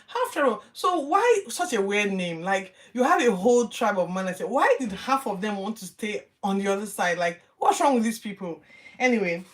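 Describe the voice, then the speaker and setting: A woman's voice: mid-range voice, normal speed, far from the mic. A woman hosting a Bible reading show, retelling scripture casually and acting out the quotes with animation. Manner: animated, acts out quotes in lively voices. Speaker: Bible reading podcast host.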